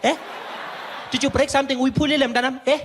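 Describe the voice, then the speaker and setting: A comedian voicing a loud, mocking female hospital clerk, tagging sentences with "eh?". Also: extremely high pitch, level tone, a little hiss or hum, pitched above the performer's own voice. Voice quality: loud, taunting, drawn-out "eh?" tags. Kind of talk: stand-up comedy impression.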